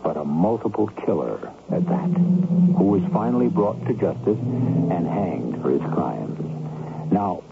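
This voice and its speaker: Brief: male host narrator, low gravelly voice, old-time radio mystery. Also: expressive. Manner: measured, ironic storytelling. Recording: tinny old radio broadcast with hiss.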